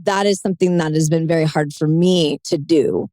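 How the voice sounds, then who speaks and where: A woman host speaks frankly and openly in a relaxed, conversational way. Her voice sits on the low side. The recording is close and dry. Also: moderate pace, no room sound. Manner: candid, emotional and open. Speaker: podcast host. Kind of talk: conversational interview.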